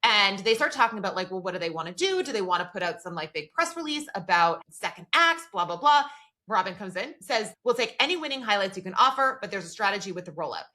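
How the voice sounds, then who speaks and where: A woman's voice: medium pitch, lively intonation, fast talker, bright, forceful tone. A woman co-hosting a podcast in casual chat, retelling scenes and reading out dialogue, with lots of "like" fillers. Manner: frequent "like" fillers. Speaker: podcast co-host.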